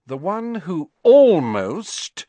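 Man reader playing clever teen girl, high, pointedly sweet, dry close mic. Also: very animated, normal speed, no room sound. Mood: sweetly smug. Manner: bright, pointedly sweet delivery. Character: teenage girl, brainy, sweetly smug.

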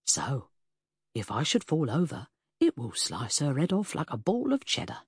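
A smug, cruel man holds the room hostage with mocking threats, as the audiobook reader puts him on. His voice is husky and swings widely in pitch, recorded close and dry. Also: wildly swooping pitch, moderate pace, no room sound, exaggerated voice. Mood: menacing. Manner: mocking, snarling. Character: menacing mocking male captor, cruel and smug.

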